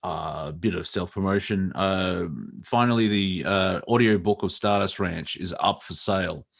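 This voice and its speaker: A low-pitched man from Australia whose accent has worn into a mixed international sound. He talks loosely over a video call, full of ums and quick laughs. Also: gravelly. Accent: mild mixed international accent. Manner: chatty, laughs often, many fillers. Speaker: guest author. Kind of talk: casual chat.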